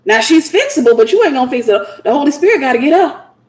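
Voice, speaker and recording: A woman speaks in an animated preaching style, repeating phrases and breaking into laughing asides. Her voice sits high, and the room around her rings with echo. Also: fast talker. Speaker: host. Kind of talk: preaching livestream talk.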